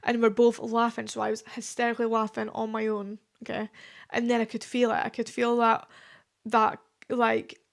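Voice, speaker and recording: A woman's voice: fairly high pitch, monotone, moderate pace, gravelly. A young woman in her twenties hosting a solo podcast, talking in a chatty, confessional way with lots of fillers. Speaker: podcast host. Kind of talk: casual solo podcast chat.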